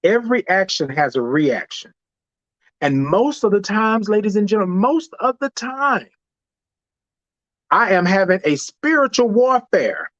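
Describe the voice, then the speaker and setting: A man with a Houston accent who hosts a show, giving a preachy, animated monologue and playing out both sides of a dialogue himself. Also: sits high, no echo, highs cut off. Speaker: host. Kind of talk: motivational monologue.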